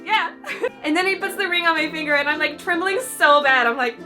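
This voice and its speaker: Bubbly high-voiced young woman vlogging. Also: brisk, bright, forceful tone. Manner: gushing, chatty, lots of "like". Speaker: YouTuber. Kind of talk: storytime vlog. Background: light ukulele music.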